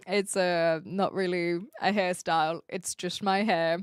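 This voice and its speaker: A woman's voice: fairly low pitch, fairly even intonation, a little slow, smooth, no echo, clean studio sound. A woman, streaming and chatting casually as she reads viewer comments, rambling and playful with frequent giggles.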